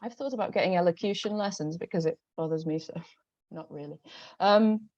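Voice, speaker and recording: A woman's voice: mid-range voice, fast, a little mellow, no room sound. A woman with a Northern English accent, a novelist talking about her books on a video call, hesitant and full of restarts. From Northern England. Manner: hesitant, many restarts and ums. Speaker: novelist guest. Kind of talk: conversational book talk. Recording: dull lo-fi video call audio.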